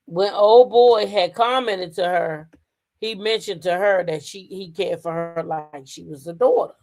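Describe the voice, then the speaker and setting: A woman's voice: medium pitch, a little slow, darkish tone. A woman co-hosting a casual gossip talk, blunt and full of profanity. She has an ordinary mid-range voice and jumps into sassy acted-out quotes. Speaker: co-host.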